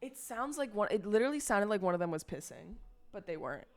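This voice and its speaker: A young woman talking off the cuff on a live stream, rambling from one topic to the next and swearing freely. Her voice sits at an ordinary middle pitch for a woman, and she speaks in a loose, unscripted chat style. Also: expressive, fast.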